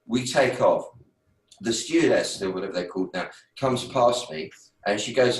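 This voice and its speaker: A man hosting an online meeting, telling a personal story in a casual, animated way and acting out his own thoughts. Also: medium pitch, moderate pace. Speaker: host. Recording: roomy sound from a distant mic.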